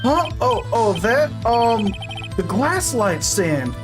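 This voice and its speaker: A woman voicing a nervous, fussy middle-aged male witness in a video game, high-pitched and stammering. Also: big pitch swings, slow pace, over music. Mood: flustered.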